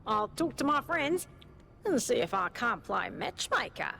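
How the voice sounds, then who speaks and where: An actress voicing a sly, conspiratorial female robot citizen with an Australian accent, confiding and lively, in a video game. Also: a little high, unhurried, gravelly, breathy edge, full character voice. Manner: lively, confiding, drops to a whisper.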